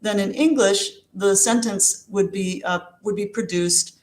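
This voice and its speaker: A woman giving an academic lecture on linguistics, explaining in a measured way with frequent ums and uhs. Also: medium pitch, a little mellow, roomy sound.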